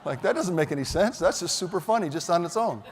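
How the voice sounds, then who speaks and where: Male keynote speaker, lively storyteller, high-ish voice, long reverb of a big hall. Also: fast, slight background noise. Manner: animated, shouts punchlines. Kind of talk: storytelling speech. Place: large hall.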